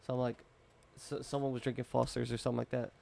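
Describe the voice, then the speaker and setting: Brief: male podcast host, gravelly mid-range voice, rambling and relaxed. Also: medium pitch, fast. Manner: rambling, laid-back, casual slang. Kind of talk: casual beer-tasting chat.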